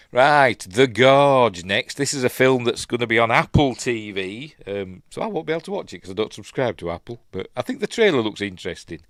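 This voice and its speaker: A man's voice: medium pitch, fairly bright tone, no room sound, clean studio sound. A man with a Yorkshire accent hosting a live news stream, rambling and opinionated with muttered asides. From Yorkshire, England. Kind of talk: casual live stream commentary.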